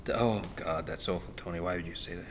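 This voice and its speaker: Dry, deadpan young male improviser, light background hiss. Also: sits low, fast. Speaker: comedy improviser. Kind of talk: improvised comedy sketch.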